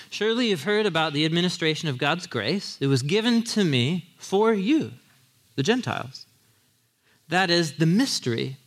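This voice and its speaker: A man preaching a sermon, telling the story with animated quoted voices and asides to the congregation. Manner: animated storytelling, acting out quotes with big pitch jumps; asides with audience, laughing. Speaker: pastor.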